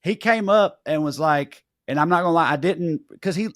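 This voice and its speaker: A man co-hosting a podcast tells a story in a casual, animated and profane way, acting out the voices he quotes. His voice is fairly high and moderately paced, recorded at studio quality with no room sound.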